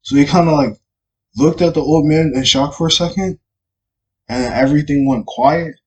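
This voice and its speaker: A man casually telling a personal story time, rambling with lots of fillers and getting loud as the argument heats up. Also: fairly high pitch, moderate pace. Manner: rambling, many fillers like "like" and "you know"; grows loud and heated when retelling the argument. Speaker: YouTube storyteller.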